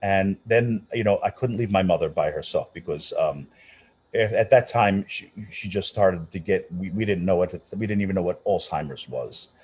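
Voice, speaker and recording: His voice sits low with a breathy edge, and he keeps a moderate pace. This middle-aged opera singer is telling anecdotes in a casual interview, an animated storyteller who frequently restarts and performs the quoted voices himself.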